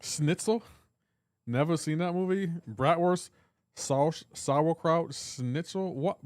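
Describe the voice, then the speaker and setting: A man's voice: a little high, slow pace, darkish tone, dry recording, studio quality. A man hosting a live game stream, chatting casually and joking while reading and answering chat messages. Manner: joking, reads chat aloud.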